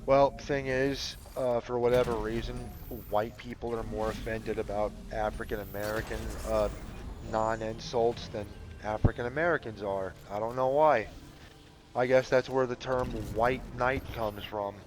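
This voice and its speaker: A man's voice: mid-range voice, steady tone, moderate pace, background noise. A man chatting casually over a game playthrough, rambling with lots of fillers and swearing. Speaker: gamer commentating a playthrough.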